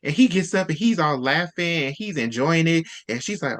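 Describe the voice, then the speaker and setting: Host: man, mid-pitched, chatty book recap voice, acts out quotes on the fly. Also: lively intonation, a bit bright. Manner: retells scenes with quick quoted dialogue. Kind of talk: casual book discussion.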